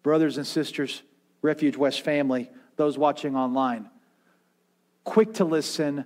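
A man pastor preaching a sermon, swinging from intense raised passages to hushed quiet ones and acting out voices as he retells. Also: on the high side, a little slow. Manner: preaching with rising intensity and dramatic quiet drops; acts out quoted voices in his retelling.

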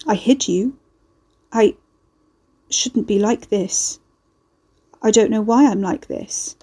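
A woman voicing a bulky old house that has taken human form, speaking slowly, haltingly and apologetically. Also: medium pitch, mellow, husky. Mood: confused.

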